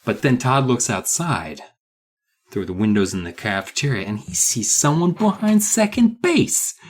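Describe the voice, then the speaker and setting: A man's voice: mid-range voice, big pitch swings, moderate pace. A man co-hosting a comedy podcast, joking and laughing casually while recapping a children's book. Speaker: podcast co-host.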